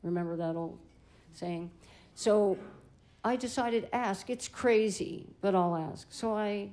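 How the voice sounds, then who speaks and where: An older woman who sings blues and plays guitar chats animatedly between songs on a live-stream stage, telling a story and laughing easily. Her mid-range voice is slow, and the audio is poor.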